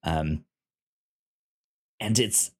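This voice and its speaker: A man co-hosting a podcast in casual chat, animated, stumbling and repeating the starts of words. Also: drawn-out words. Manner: animated, stammers on word starts; acts out quotes in a high voice. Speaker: podcast co-host.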